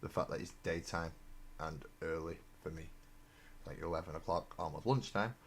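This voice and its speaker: A man's voice: sits low, normal speed, slight background noise. An English man hosting a live stream, chatting casually and rambling in a self-mocking way while he builds miniatures. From England. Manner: rambling and self-mocking, often trailing into mumbles. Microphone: desk mic on a live webcam stream.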